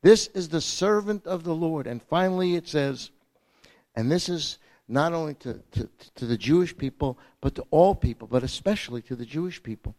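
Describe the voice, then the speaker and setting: Dramatic preacher, loud then hushed. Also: male voice, fairly high pitch, expressive, normal speed. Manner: dramatic, swinging from loud emphasis to hushed softness. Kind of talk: sermon with slides.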